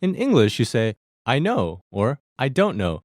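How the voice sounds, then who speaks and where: A man hosts a language lesson, walking learners through Korean phrases step by step. His mid-pitched voice rises and falls in lively swings. The sound is close and dry, with no room around it. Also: unhurried, no echo. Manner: friendly, breaks down phrases step by step, laughs easily.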